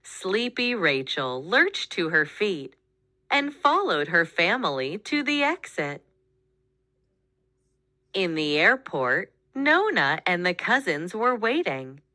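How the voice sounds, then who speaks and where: A woman reading a children's picture book aloud, with expressive, animated storytelling. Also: lowish voice, takes it slowly, no room sound, clean studio sound. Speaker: storybook reader.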